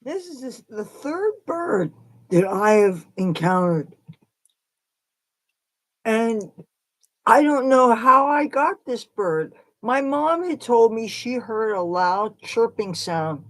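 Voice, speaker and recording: A woman's voice: mid-range voice, no room sound, rough recording. A woman hosting a casual livestream, rambling with fillers and coaxing a bird in baby talk. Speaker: livestream host.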